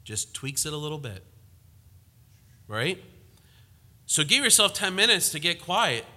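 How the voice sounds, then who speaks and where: A man preaching a sermon with a very bright, tense tone and a somewhat high voice. He presses hard on key phrases, then drops to near-whispered scripture, and now and then mocks quoted sayings in a lighter voice. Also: unhurried, in a large hall. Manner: animated, mocking quoted lines in a lighter voice; rises to emphatic force, drops to hushed tones.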